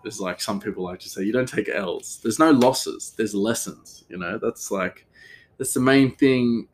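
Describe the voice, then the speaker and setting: A man, a cook, talking in a meandering, animated way and laughing often. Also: mid-range voice. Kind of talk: casual rambling monologue.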